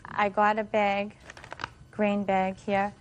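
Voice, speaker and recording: Middle-aged woman on the stand, steady monotone, recounts events at length. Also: mid-range voice, slow pace, slight background noise. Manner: long, detailed storytelling with fillers. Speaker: defendant. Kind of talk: courtroom testimony.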